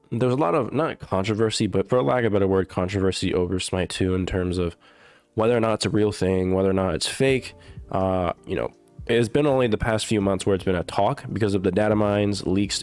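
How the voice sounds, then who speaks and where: A man's voice: lowish voice, fairly quick, a little mellow, smooth, no room sound, faint music behind. A man with a sick, stuffy voice giving a casual, rambling patch-notes commentary as a gaming YouTuber, full of fillers and swearing. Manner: rambling, filler-heavy and profane.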